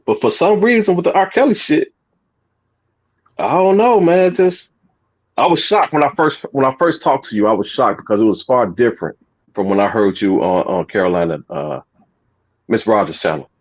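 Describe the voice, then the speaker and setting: A man's voice: mid-range voice, lively intonation, moderate pace, muffled recording. A man on a casual call-in chat, blunt and profane, pressing the others with questions.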